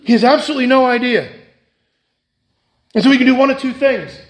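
High-voiced pastor preaching in an echoey room. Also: male voice, fairly quick. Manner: emphatic, repeats key phrases, swings between loud and hushed. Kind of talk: sermon.

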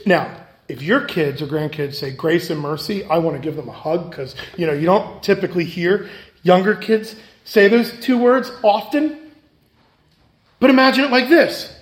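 A pastor with a high, light voice delivers a sermon, repeating his key phrases for emphasis. He moves between loud, pressing lines and quiet, hushed ones. The sound bounces around an echoey church hall. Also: normal speed. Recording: echoey room.

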